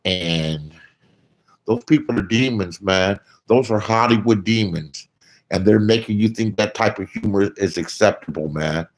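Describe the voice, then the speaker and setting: At a measured pace, a streamer offers casual, ranting commentary that's blunt and full of profanity, moving between muttered asides and loud outbursts.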